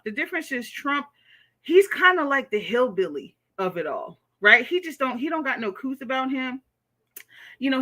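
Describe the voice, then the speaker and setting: A bright, sharp-voiced woman from the United States runs a casual livestream, answering chat in a blunt, profane way. Her voice sits a little high for a woman. She keeps tagging her points with "okay?" and talks straight to her viewers. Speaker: livestream host reading chat.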